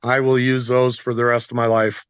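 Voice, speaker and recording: A man's voice: medium pitch, flat delivery, moderate pace, smooth, no echo, muffled recording. A man giving a plainspoken personal testimony on a video call. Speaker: guest sharing a testimony.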